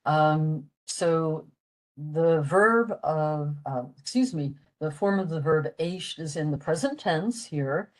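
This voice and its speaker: An older woman explaining a language lesson for a library talk, halting with many fillers. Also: low voice, expressive, rough recording. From western Pennsylvania, USA. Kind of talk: explaining a lecture.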